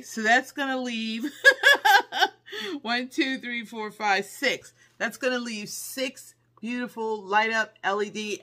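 A middle-aged woman, chatting excitedly through a shopping haul video and squealing with delight. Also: mid-range voice. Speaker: haul vlogger. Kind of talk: casual haul video chat.

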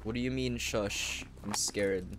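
A young man streaming a game, rambling and swearing, with sudden loud outbursts between mumbled remarks. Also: lowish voice, fairly even intonation, a little slow, noisy background. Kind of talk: live gameplay commentary.

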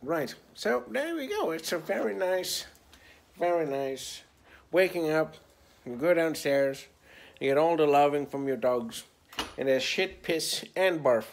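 A man's voice: on the high side, lively intonation, a little slow, vocal fry, slight background noise. A man casually narrating his own vlog like a mock tour guide, talking in a put-on accent he can't place. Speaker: comedian vlogger.

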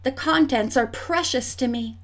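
A woman's voice: high voice, a little slow. A woman reading an audiobook, voicing an anxious, secretive elderly woman who speaks formally. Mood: distressed. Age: older. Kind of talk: audiobook character voice.

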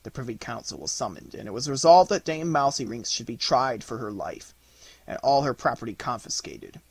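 A man's voice: medium pitch, moderate pace, creaky, breathy edge, dry recording. A man reading a classic fairy tale aloud as an audiobook narrator, telling it expressively. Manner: expressive, lively storytelling. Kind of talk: storybook narration.

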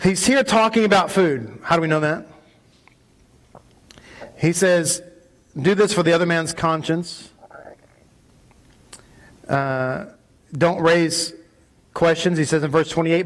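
High-voiced man preaching with emphatic peaks. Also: unhurried, long pauses. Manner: emphatic, rising to loud high peaks when arguing. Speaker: rabbi. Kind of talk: sermon. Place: synagogue.

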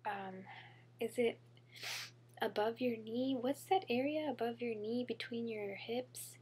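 A woman's voice: a little high, slow pace, a little mellow, husky. A young woman chatting casually to camera in a haul vlog, bubbly and chatty, full of fillers and gushing about how cute things are. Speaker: beauty vlogger.

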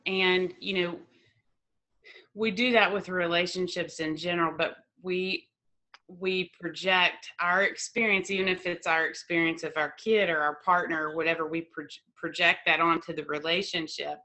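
A woman's voice: fairly low pitch, steady tone, normal speed, pushed and bright. A woman therapist guest explaining ideas thoughtfully in a conversation. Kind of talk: expert conversation.

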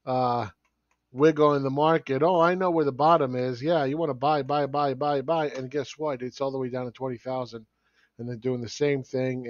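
A man's voice: mid-range voice, a little mellow, dry recording, lo-fi sound. A man hosting his own market commentary video, talking bluntly and sarcastically and chuckling often as he walks through charts. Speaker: market analyst host.

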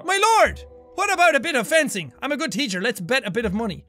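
Young man, let's-play commentary, excitable and loud, high lively voice, faint music behind. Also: racing. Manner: excitable, loud, swears, reads game text aloud. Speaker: gaming video host.

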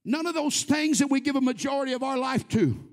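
A man preaching a Pentecostal sermon, animated and often shouting, with humorous, mocking asides. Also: very high-pitched, a little fast. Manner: animated, shouts and acts out the quoted voices.

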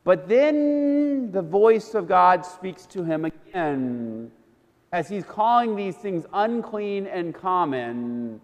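High-voiced pastor preaching in a reverberant church. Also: male voice, expressive, takes it slowly. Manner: casual, storytelling sermon with asides to the congregation. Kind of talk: sermon. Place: church sanctuary.

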